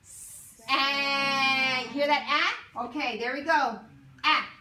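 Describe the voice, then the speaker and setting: A woman teaching a phonics lesson to young children, sounding out words slowly and asking coaxing questions. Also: high-pitched, sharp tone. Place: classroom. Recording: roomy classroom from far off, faint noise.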